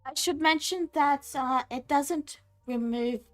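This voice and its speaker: A woman narrating a tabletop game as game master, steady and explanatory. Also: high voice, slow pace.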